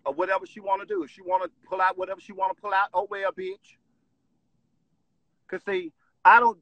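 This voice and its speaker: High, husky-voiced man ranting live. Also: fairly even intonation, brisk, pauses often, sharp tone, dry recording, low-quality recording. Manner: agitated, repetitive, profane. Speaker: live streamer. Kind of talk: live-stream rant. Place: at home.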